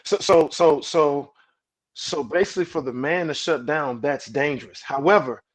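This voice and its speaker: A man speaking as a podcast guest, preachy in manner, repeating words as he builds a point and dropping low and soft when he quotes calming words. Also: moderate pace. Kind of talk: podcast conversation.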